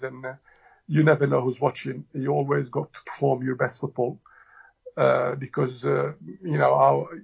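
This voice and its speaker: A middle-aged football manager from Tunisia, talking in a relaxed interview with many fillers and restarts. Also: male voice, mid-range voice, gravelly, breathy edge. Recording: dull lo-fi audio.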